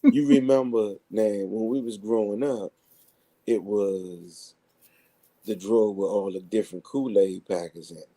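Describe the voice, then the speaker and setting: A man's voice: on the low side, fairly even intonation, unhurried, warm tone. A man hosting a laid-back online talk show, teasing his co-hosts in playful casual chat. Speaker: host.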